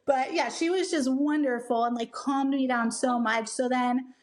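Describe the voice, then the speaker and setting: A young woman co-hosting a podcast, telling a personal story in a casual, animated way and acting out what people said. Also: high-pitched, moderate pace. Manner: animated, acts out quoted people, many "like" fillers. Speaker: podcast co-host.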